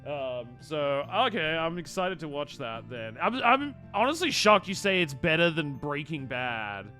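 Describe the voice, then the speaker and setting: Bright-voiced male streamer rambling casually. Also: fairly high pitch, measured pace, soft background music. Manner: rambling, swears freely, animated. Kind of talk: casual live-stream chat.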